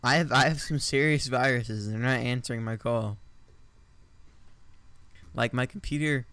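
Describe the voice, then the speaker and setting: Gravelly, smooth-voiced male streamer. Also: medium pitch, moderate pace, fairly bright tone, no echo. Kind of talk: casual game stream chat with a friend.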